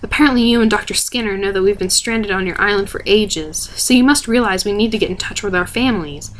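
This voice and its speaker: A woman voicing a brisk, determined young girl in a soft ASMR book reading. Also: medium pitch, slight background noise, natural voice, low-quality recording.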